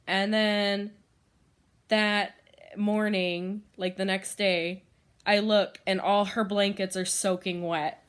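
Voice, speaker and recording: A woman's voice: mid-range voice, little pitch movement, takes it slowly, clear, resonant tone. A woman chatting casually in a home vlog, rambling with lots of fillers and frequent laughs. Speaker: vlogger. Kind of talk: casual chat.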